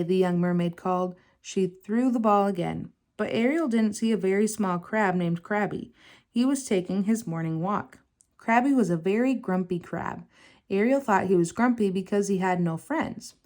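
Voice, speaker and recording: Expressive woman reading a children's story. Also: moderate pace. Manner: expressive, raises pitch for character lines. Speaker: tutor reading aloud. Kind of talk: children's read-aloud narration.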